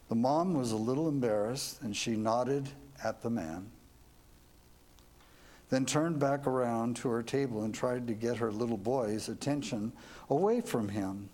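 Slow earnest male preacher. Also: medium pitch, a little mellow. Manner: earnest, reflective, with rhetorical questions. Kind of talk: devotional storytelling sermon.

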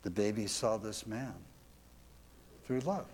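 A man's voice: lowish voice, slow, darkish tone, a little hiss or hum. A man telling a devotional story as a sermon, earnest and reflective, ending with questions to his listeners. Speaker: preacher.

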